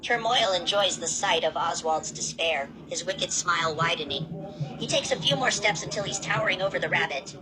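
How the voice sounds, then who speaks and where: A woman reading out an amateur fan story in a steady, plain way. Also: lowish voice, normal speed, crowd noise, poor audio. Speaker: narrator.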